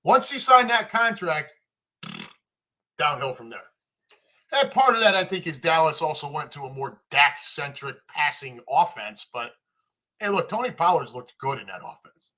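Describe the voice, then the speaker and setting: A man hosting a live sports chat stream, ranting with animated energy and reading viewer comments. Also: on the high side, moderate pace.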